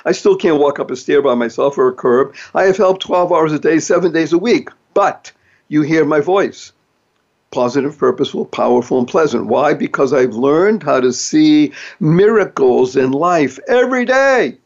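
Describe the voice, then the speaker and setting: A man's voice: fairly high pitch, expressive, normal speed, a little mellow, dull audio. A man hosting a motivational talk show, speaking in an upbeat, emphatic way and playing with words. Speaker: host.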